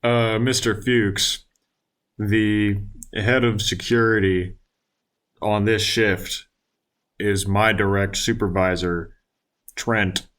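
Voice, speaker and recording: A man's voice: fairly low pitch, fairly even intonation, slow pace, long pauses, a bit bright. A man voicing a polite, deferential male spaceship crew worker who speaks formally.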